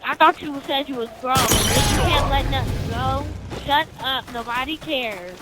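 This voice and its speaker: A woman's voice: sits high, a little slow. A woman in in-game voice chat, irritated, blunt and dismissive. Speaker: online gamer in voice chat.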